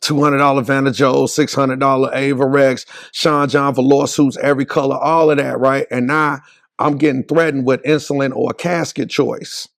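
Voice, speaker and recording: A man's voice: medium pitch, normal speed, gravelly, no room sound, studio quality. A middle-aged man, a podcast guest, telling his own story in casual, slangy talk and acting out what people said. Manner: animated storyteller, slangy, acts out quotes. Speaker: podcast guest, cycling specialist.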